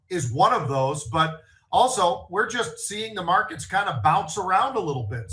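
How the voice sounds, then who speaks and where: A middle-aged man co-hosting a casual market show, with relaxed, folksy and rambling explanations. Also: high voice. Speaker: show co-host. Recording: roomy echo.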